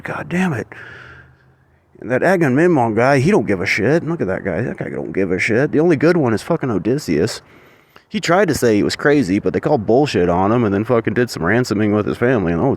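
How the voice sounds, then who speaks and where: A man in a rambling, profane, ranting monologue. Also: medium pitch.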